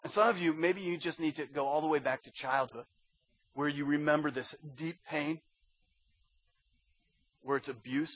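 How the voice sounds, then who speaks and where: A man preaching a sermon as a pastor, dropping to a hush and rising to loud pleading. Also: fairly high pitch, normal speed, pauses often, highs cut off. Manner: swings from hushed to loud pleading.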